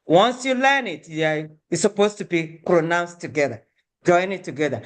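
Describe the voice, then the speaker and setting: A woman's voice: fairly low pitch, expressive, normal speed. A woman teaching a beginner language class, patiently repeating each word and breaking words into syllables.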